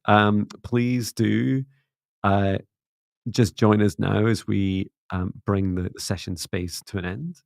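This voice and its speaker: A middle-aged man hosting a spiritual livestream, talking in a soft, gently meditative way. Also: fairly low pitch, fairly even intonation, slow pace, creaky, no room sound, clean studio sound. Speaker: psychic mentor and livestream host. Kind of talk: casual livestream chat and guided closing.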